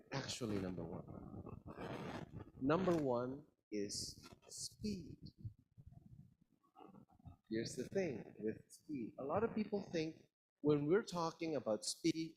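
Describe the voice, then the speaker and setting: A young man leading a university session on communication, playfully demonstrating how stress and pauses change meaning. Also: medium pitch, darkish tone, breathy edge, rough recording. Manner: playful, demonstrative, shifts stress and volume to show emphasis. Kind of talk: lively public speaking demonstration.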